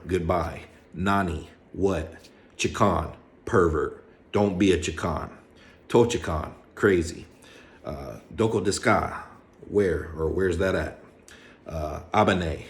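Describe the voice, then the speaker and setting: A man from Hawaii casually explaining Japanese words he has picked up, repeating each one slowly in a relaxed, slangy way with some swearing. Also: low voice. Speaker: vlogger teaching Japanese words.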